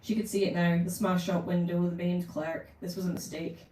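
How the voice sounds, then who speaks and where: A woman's voice: lowish voice, flat delivery, normal speed, dark tone, a little hiss or hum. Woman reading aloud in a roomy shop. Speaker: author reading her book. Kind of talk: live book reading. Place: bookshop event room. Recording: roomy room, distant mic.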